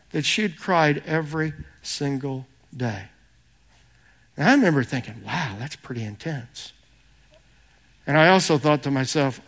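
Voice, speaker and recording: A middle-aged pastor gives a sermon in a high, earnest voice. He moves between personal stories and slow readings of scripture, and drops softer at times.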